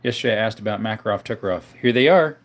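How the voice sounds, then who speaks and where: A man from Arizona, US, hosts a livestream with a voice on the low side, racing along. In a laid-back way he reads viewers' comments aloud and responds to their questions one by one.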